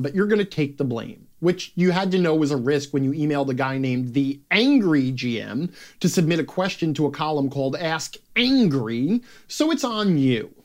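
A man reading his own game design column aloud as a rant, sarcastic and profane, lurching between loud outbursts and muttered asides. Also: a little high. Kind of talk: ranting read-aloud of a written column.

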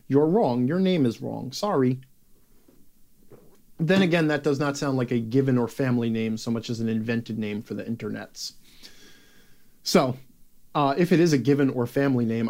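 Sarcastic, ranting man with a lively voice. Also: mid-range voice. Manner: sarcastic, profane, swinging between exasperated outbursts and mutters. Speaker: game design columnist reading his column aloud. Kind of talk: ranting read-aloud of a written column.

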